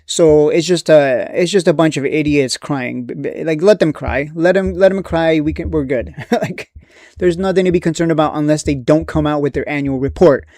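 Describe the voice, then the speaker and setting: A man's voice: on the high side, normal speed, darkish tone, no echo, clean studio sound. A man giving casual live-stream commentary on stocks, rambling and profane, dismissive, with frequent restarts.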